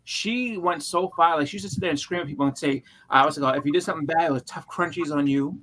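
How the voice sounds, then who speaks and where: A man's voice: on the high side, rapid-fire, a bit bright, a little hiss or hum. A man telling a long childhood story in casual chat, rambling with many restarts and fillers. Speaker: podcast co-host.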